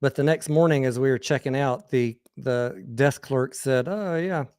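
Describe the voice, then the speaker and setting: A man's voice: medium pitch, steady tone, normal speed, a little mellow, clean tone, no room sound, clean studio sound. A man with an American accent hosting a livestream, telling crude, rambling personal anecdotes in a candid, casual way with frequent restarts. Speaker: host.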